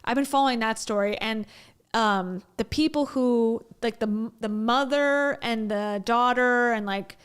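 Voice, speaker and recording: A woman's voice: a little high, unhurried, smooth. Chatty joking woman vlogger. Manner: chatty and joking, with frequent laughs and restarts. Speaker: vlogger host. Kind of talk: casual commentary.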